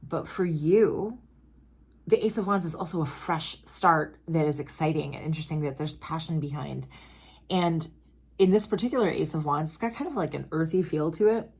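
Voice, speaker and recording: A woman with a notably low-pitched voice reads tarot cards in an easy, conversational flow. She is emphatic and chatty, dropping frequent asides and apologies along the way. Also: moderate pace, slightly rough. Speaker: tarot reader. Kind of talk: casual tarot reading to camera.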